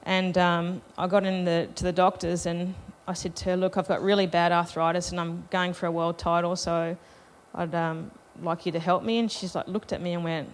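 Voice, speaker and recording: Woman telling a story on stage, slightly low voice. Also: level tone, normal speed, hardly any pauses. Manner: chatty, self-deprecating, laughs while telling. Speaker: festival panel speaker. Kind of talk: storytelling to a live audience. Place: live festival stage.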